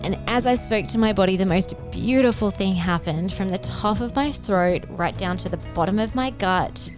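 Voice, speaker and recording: Woman host, heartfelt personal monologue, voice lifts when moved, soft music underneath. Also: moderate pace. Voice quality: earnest, emotional. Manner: expressive, rising into pitch when moved. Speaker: functional medicine podcast host. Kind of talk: personal health story monologue.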